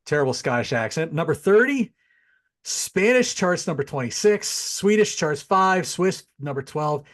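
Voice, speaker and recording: A middle-aged man hosting a casual online chat show. His pitch sits a bit high and swings widely as he talks. He's animated and chatty, and he often drifts into asides. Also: unhurried. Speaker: podcast host. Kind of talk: casual chat over a video call.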